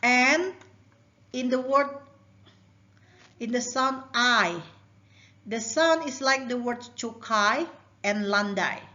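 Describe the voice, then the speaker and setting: A woman from Indonesia, giving a recorded linguistics lecture in a measured way, reading out example words one by one. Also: fairly high pitch, bright, forceful tone. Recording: dull lo-fi recording.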